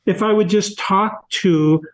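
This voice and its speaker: An older man, a podcast guest and author, telling anecdotes slowly and deliberately in an interview. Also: sits high, rough recording. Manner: slow, deliberate anecdotal storyteller. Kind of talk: storytelling in an interview.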